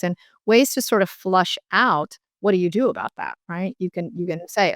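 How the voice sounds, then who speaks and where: A woman's voice: fairly low pitch, normal speed, creaky, few pauses, dry recording, studio quality. A middle-aged woman, a medical intuitive and author, explaining her work at length as an interview guest, with frequent "you know" asides. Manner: explanatory, many fillers and restarts.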